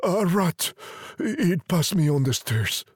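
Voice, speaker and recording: Man playing scared old husband in a storybook reading, shaky and husky, dry sound. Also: high voice, sing-song, takes it slowly, dry recording, pitched above the performer's own voice, heavily acted.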